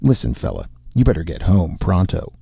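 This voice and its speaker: A man voicing a burly, blunt middle-aged farmer who talks in a drawling, gruff way. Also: low voice, wildly swooping pitch, moderate pace, no echo, muffled recording, heavily acted.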